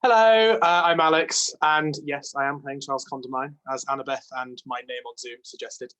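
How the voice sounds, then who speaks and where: A young man in his twenties introducing himself on a video call, relaxed and poking fun at himself. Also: mid-range voice, moderate pace. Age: 20s. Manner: relaxed, self-mocking. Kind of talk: casual chat.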